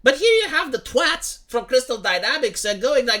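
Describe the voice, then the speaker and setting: A man's voice: very high voice, expressive, normal speed, sharp tone. A young man ranting in profane, heated commentary, often repeating "like" and "right?". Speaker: commentary streamer.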